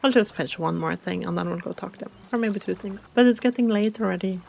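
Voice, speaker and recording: Soft-spoken woman playing a life game. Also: medium pitch, fairly quick, gravelly, slight background noise. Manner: soft-spoken, chatty, easily confused. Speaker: gaming channel host. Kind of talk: casual game commentary.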